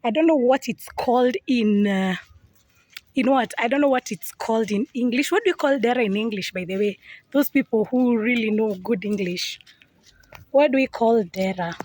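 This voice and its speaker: A woman's voice: a little high, moderate pace, a little mellow, no echo. A young woman talking casually to her viewers on a phone camera outdoors in a village compound, chatty and playful. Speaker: vlogger. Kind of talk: casual vlog talk to camera.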